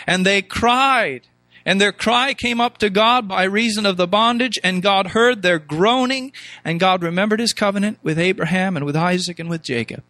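A man's voice: high-pitched, sharp tone, no echo. A man preaching a sermon, reading scripture aloud and mimicking complaining voices, with emphatic rhetorical questions.

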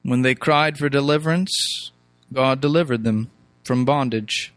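A man's voice: mid-range voice, a little slow, fairly bright tone, no room sound. A man preaching a sermon, reading scripture aloud and mimicking complaining voices, with emphatic rhetorical questions.

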